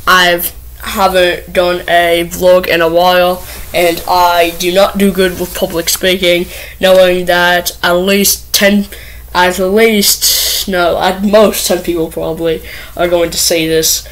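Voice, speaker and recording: A woman's voice: lowish voice, level tone, slow pace, poor audio. A woman vlogging to camera, nervous and rambling, with lots of filler words and restarts. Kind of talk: casual first vlog to camera.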